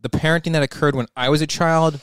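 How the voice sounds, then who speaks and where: A man from Long Island co-hosting a casual podcast, sounding exasperated and swearing freely as he argues his side. He talks very fast in a mid-range voice that is smooth and clear, with a dry close sound. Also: on the high side, steady tone, a bit bright, no room sound. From Long Island, New York. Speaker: podcast co-host. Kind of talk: casual chat between brothers.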